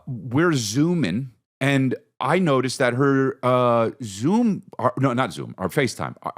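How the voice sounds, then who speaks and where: A man hosting a podcast, telling a comedic story and acting out his own and others' lines with big jumps in his voice. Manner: animated, acts out quotes with big pitch jumps. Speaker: podcast host.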